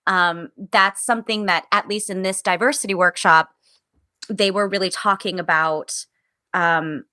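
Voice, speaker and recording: A woman actress speaks as an interview guest in an earnest, reflective way, circling back and restarting as she thinks aloud. Her voice is bright and forward, and it sits close and dry with almost no room around it. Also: on the low side, dry recording. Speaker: musical theater actress, guest. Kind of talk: candid casual conversation.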